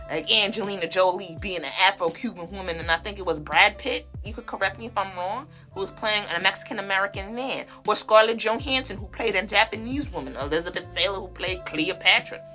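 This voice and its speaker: Bright-voiced fiery woman podcaster. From half Belizean family. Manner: animated, emphatic, profane, swings from loud to low. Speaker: podcast host. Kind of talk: heated solo podcast rant.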